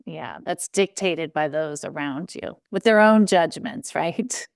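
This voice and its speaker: A woman's voice: deep voice, animated, a little slow, gravelly, clean tone, dry recording, studio quality. A woman hosting a podcast interview, affirming her guest and asking loose, rambling follow-up questions. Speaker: podcast host.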